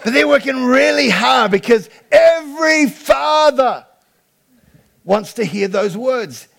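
A male pastor delivers a sermon in a high, gravelly voice. He tells stories in a chatty way and then builds to loud, emphatic preaching. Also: animated, takes it slowly.

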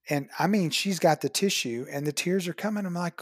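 Animated dentist telling a patient story. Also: fairly quick, hardly any pauses, dry recording, studio quality. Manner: animated, acts out patient dialogue with big pitch jumps. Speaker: dentist, guest. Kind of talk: storytelling in an interview.

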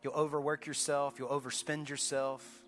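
A man preaching a sermon as pastor to a congregation, emphatic, swinging from urgent high peaks to low quiet lines. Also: little pitch movement, moderate pace, long reverb tail, faint music behind. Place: large church auditorium.

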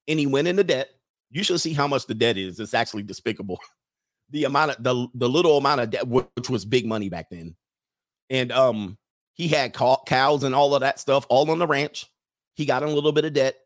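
A man's voice: medium pitch, a little fast, no room sound, studio quality. A man hosting a livestream in casual chat, rambling and laughing often as he reads out viewer messages.

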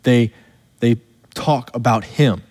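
A male pastor preaching an earnest expository sermon, slowing down to stress the verses he quotes. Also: mid-range voice, fairly even intonation, darkish tone, long reverb tail.

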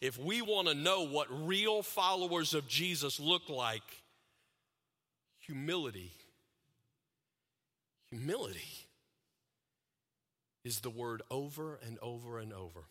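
A man preaching a sermon, talking to the audience with questions and repeated phrases, and growing louder and higher when he gets animated. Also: a little slow, in a large hall. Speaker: pastor.

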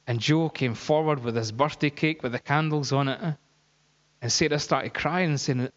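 A man preaching, telling a story in a lively, anecdotal way with laughs and fillers. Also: medium pitch, normal speed. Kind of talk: sermon storytelling. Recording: dull, echoey hall.

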